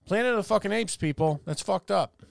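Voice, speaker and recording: A man co-hosting a podcast, profane and animated, swearing through crude banter. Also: high-pitched, brisk, gravelly, dry recording, studio quality. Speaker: podcast co-host.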